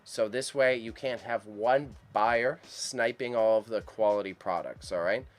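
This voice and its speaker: A man's voice: on the low side, measured pace. A man hosting a live stream about an auction, talking casually and enthusiastically to his chat viewers with a lot of slang. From Canada. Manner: chatty and enthusiastic, speaks straight to chat viewers, uses slang.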